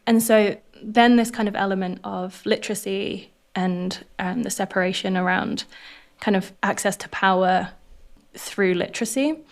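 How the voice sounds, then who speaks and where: A woman with a posh southern English accent, a podcast guest talking in an earnest, animated way. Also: medium pitch, gravelly. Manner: earnest, animated, laughs often. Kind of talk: reflective interview conversation.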